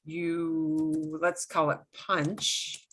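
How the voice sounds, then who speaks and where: Slow-talking woman teaching a lesson. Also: low-pitched, little pitch movement, fairly bright tone. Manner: explains patiently, with repetition and emphatic examples. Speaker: Spanish teacher. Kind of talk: online language lesson.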